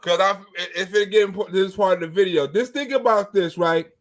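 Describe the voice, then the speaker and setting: High-voiced man doing casual commentary. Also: brisk. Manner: animated, swears, keeps asking "right?". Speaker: commentary host.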